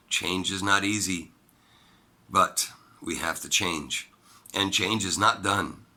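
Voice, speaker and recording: A man talking alone into the mic, giving a political opinion monologue in an emphatic way, jumping from loud high bursts to low quiet asides. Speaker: political commentator.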